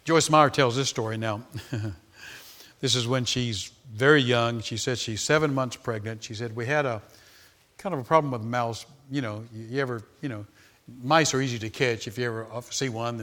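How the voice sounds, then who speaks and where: A man in his sixties preaching a sermon, telling stories that start low and soft and build to loud, high, animated peaks. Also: moderate pace. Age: 60s. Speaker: pastor. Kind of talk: sermon storytelling.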